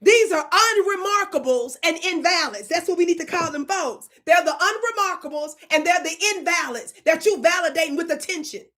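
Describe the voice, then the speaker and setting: A woman's voice: very high-pitched, normal speed, hardly any pauses, fairly bright tone. A woman hosting her own channel, delivering a fiery, preachy commentary monologue that scolds viewers, stretches words out for emphasis and keeps asking if they are listening. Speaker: channel host.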